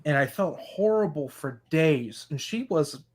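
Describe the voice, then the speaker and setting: A man's voice: fairly high pitch, expressive, unhurried, a little mellow. A man hosting a casual podcast chat, talking in an earnest, reflective way. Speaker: podcast host.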